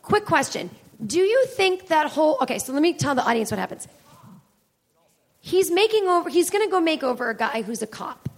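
A woman's voice: high-pitched, very animated, brisk. A woman comedian hosting a live show on stage, rambling candidly and swearing freely with self-deprecating asides. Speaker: comedian podcast host. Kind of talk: live stand-up style chat with audience.

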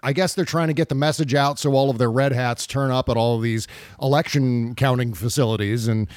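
A man's voice: mid-range voice, fairly even intonation, fairly quick, a little mellow, no echo, studio quality. A man co-hosting a podcast, chatting casually and animatedly about politics, sometimes mocking the people he quotes. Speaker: podcast co-host.

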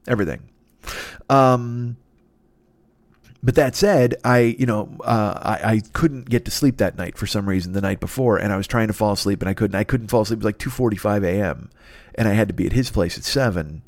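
A man's voice: on the low side, fairly quick, darkish tone, no echo. A man hosting a podcast alone, rambling in a profane, self-deprecating way, tired and a little stuffed up. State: stuffy nose, tired and yawning. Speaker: podcast host. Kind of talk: solo rambling monologue.

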